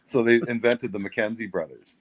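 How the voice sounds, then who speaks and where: A man from Canada with a relaxed, somewhat low voice spins a story for his friends. His Canadian accent colors every line, and he keeps it dry, chuckling as he goes. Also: brisk, breathy edge. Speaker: show regular, piano player. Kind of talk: casual group chat.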